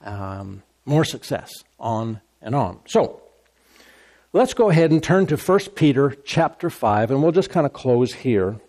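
Man preaching in a relaxed, repetitive way. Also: mid-range voice, a little slow. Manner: conversational preaching, repeats phrases, asks the congregation "Amen?". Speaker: pastor. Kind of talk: sermon.

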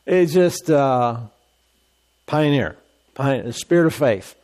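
A man's voice: mid-range voice, animated, slow, a little mellow. A male pastor preaching a sermon, repeating phrases for emphasis and reading scripture aloud.

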